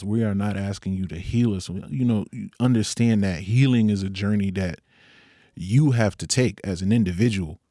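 A man's voice: fairly low pitch, mellow, no echo, clean studio sound. A young man speaking in an earnest, candid personal monologue, with occasional rueful laughs.

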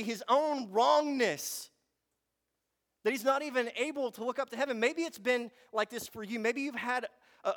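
A man preaching a sermon, moving between quiet reflection and fervent, emphatic passages. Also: very high-pitched. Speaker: pastor.

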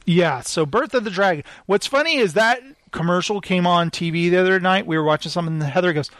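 A man hosting a casual movie chat, playful and quick to giggle as he reads out reviews. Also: high-pitched, a bit bright, no echo. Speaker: podcast host.

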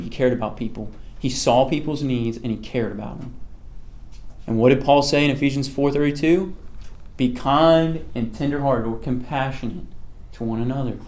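A man leads a relaxed Bible study, reading passages aloud and then talking them through. His tone is conversational, and he often pauses to ask his listeners "okay?". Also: mid-range voice. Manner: conversational, checks in with frequent "okay?"; reads scripture aloud, then explains it. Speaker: Bible teacher.

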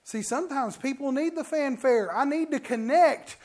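Pastor with a high-pitched voice, preaching, acts out quotes in his stories. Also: normal speed, darkish tone. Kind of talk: sermon.

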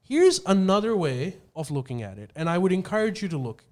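A man with a somewhat high-pitched voice, talking casually as a podcast host. He lays out his points methodically and keeps restarting his sentences as he searches for words. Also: sing-song, fairly quick, a little mellow. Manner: explanatory, methodical, hesitant restarts. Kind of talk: casual chat.

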